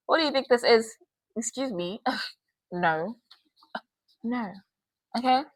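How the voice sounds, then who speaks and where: A woman's voice: on the high side, slow pace, dry recording, poor audio. A young woman hosting a podcast, giving candid advice in a casual chat and laughing often. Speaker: podcast host.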